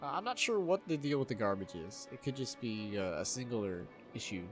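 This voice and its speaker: A man casually commentating his own city-building game, excitable, swearing freely and laughing often. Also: medium pitch, a little fast, faint music behind. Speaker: gameplay video host. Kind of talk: casual let's-play commentary.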